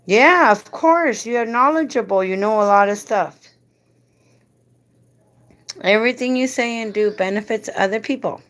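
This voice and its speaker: Slow-talking woman, fond and coaxing. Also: on the high side, fairly bright tone. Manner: doting, coaxing, talks to him tenderly. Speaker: live-stream host. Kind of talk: casual live-stream chat.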